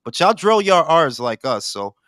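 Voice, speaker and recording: Animated, profane man ranting about boxing. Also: fairly high pitch, normal speed, crowd noise. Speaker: podcast co-host. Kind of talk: casual boxing talk.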